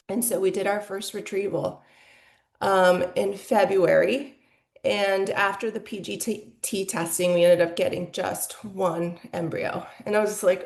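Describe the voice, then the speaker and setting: A woman's voice: mid-range voice, unhurried, gravelly, echoey room. A woman in her forties telling her personal story as a podcast guest, candid and emotional, with lots of "like" fillers. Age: 40s.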